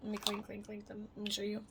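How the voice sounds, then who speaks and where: A woman's voice: mid-range voice, completely flat delivery, fairly quick, heavy background noise. A young adult woman vlogging casually, rambling with lots of fillers and frequent swearing. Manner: chatty, swears freely, rambling with many fillers. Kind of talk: casual personal vlog.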